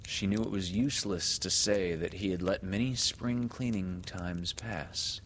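A man narrating a storybook in an unhurried, expressive manner. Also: deep voice. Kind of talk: audiobook narration. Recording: reverberant room, faint hiss.

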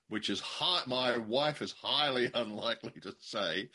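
A man's voice: medium pitch, moderate pace, bright, forceful tone, breathy edge. A man co-hosting a podcast, chatting casually with a wry, joking manner. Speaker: podcast co-host. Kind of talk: casual chat.

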